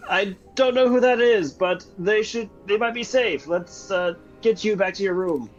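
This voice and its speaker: A man voicing a practical adventurer who tries to calm others and take charge. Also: high voice, normal speed, muffled recording, faint music behind, voice pushed up, natural voice. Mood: urgent. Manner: steady, trying to calm others.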